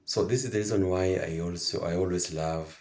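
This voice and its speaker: A man's voice: sits low, a little fast, a little mellow. A man hosting a reaction video, chatting casually to his viewers in an enthusiastic way and often repeating himself. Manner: enthusiastic and repetitive, circling back to his points.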